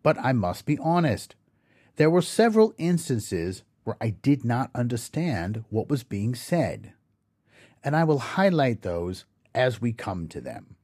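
A man hosting an educational podcast, reading a scripted explanation slowly and carefully and spelling words out letter by letter. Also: mid-range voice, sing-song, darkish tone, no echo, studio quality. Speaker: podcast host.

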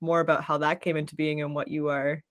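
A woman hosting a podcast interview, encouraging her guests with steady backchannel and getting animated when telling anecdotes. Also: deep voice, quick pace. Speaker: podcast host. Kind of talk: casual interview chat.

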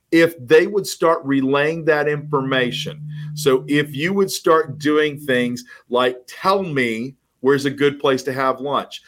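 A man speaking as a podcast guest who coaches real estate agents, telling stories with lively acted-out dialogue. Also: a little high. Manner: animated storyteller, acts out quoted dialogue. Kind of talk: casual podcast conversation.

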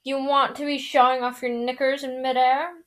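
A woman's voice: sits high, flat delivery, normal speed, a bit bright, pitched above the performer's own voice. A woman voicing an arrogant teenage boy wizard who taunts in a drawling way. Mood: sneering.

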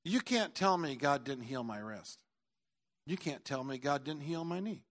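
A middle-aged man preaching in a church, his somewhat high voice leaping from near-shouts down to low, earnest tones. He tells his story with animated energy and drops in the odd joke. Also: a little slow. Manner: animated storytelling, swinging from loud outbursts to quiet earnest tones; jokey asides. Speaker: pastor. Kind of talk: sermon.

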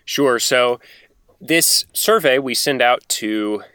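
A man's voice: medium pitch, takes it slowly, sharp tone, clear, resonant tone, dry recording, clean studio sound. A man who is a podcast guest, explaining at length in a thoughtful, casual way.

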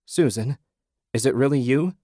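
Brief: a man playing a raw, desperate husband, voice pushed high in grief, dry booth. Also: normal speed, no room sound, lightly acted. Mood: disbelieving. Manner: pleading, shouting in despair.

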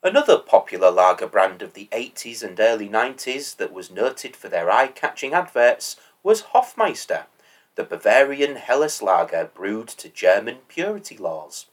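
A man's voice: fairly low pitch, big pitch swings, moderate pace, recorded from a distance. Wry male podcast narrator. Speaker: podcast host. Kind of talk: scripted narration.

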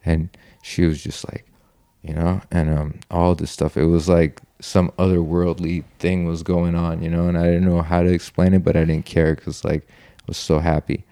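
A man's voice: low voice, level tone, normal speed, mellow, no room sound, clean studio sound. A man telling a personal story in a loose, rambling way, full of "like" and "you know", with casual swearing. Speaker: guest telling his story.

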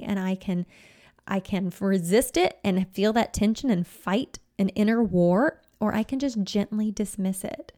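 A woman life coach giving a gentle, conversational self-help talk, often saying "you know" and "like". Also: mid-range voice.

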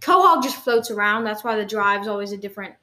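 A woman hosting a comedy podcast, rambling and halting with plenty of fillers. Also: medium pitch, animated, sharp tone, roomy sound. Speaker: podcast host. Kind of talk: improvised comedy podcast chat.

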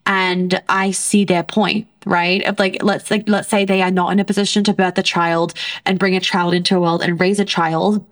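A woman's voice: on the low side, flat delivery, moderate pace. A woman hosting a casual solo podcast, talking bluntly in a rambling way with heavy swearing. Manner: frequent fillers and restarts. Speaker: podcast host.

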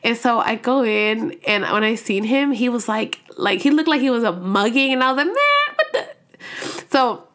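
A woman's voice: on the high side, moderate pace, fairly bright tone. Profane rambling woman telling a story. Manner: rambling, profane, heavy use of "like" fillers; slang-filled, laughs when nervous. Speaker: podcast host. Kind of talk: casual storytelling.

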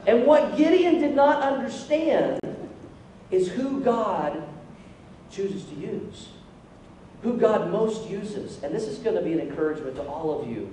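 A man's voice: high voice, very animated, unhurried, mellow. A man preaching a sermon as a pastor, joking and acting out the voices of the people in his story. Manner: jokey, acts out voices of the figures. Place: church sanctuary. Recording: echoey hall from far off, faint noise.

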